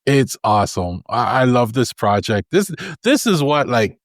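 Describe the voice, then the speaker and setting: A man's voice: mid-range voice, big pitch swings, unhurried, no echo, studio quality. A man co-hosting a casual tech podcast, enthusiastic and explaining things step by step. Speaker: podcast co-host.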